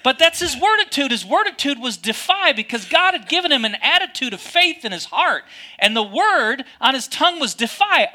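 Bright-voiced man preaching a lively sermon. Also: very high-pitched, normal speed. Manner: lively, conversational, joking asides. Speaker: pastor.

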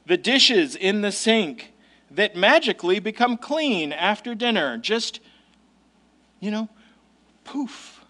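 A man's voice: high-pitched, animated, slow, bright, forceful tone. A male pastor giving a sermon in a conversational, emphatic way with casual asides.

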